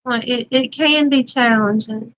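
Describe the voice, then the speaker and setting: A woman's voice: fairly high pitch, unhurried, fairly bright tone, a little hiss or hum, rough recording. A woman with a Southern US accent co-hosting a casual beekeeping live chat, chatty and emphatic, laughing often. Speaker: beekeeping livestream co-host.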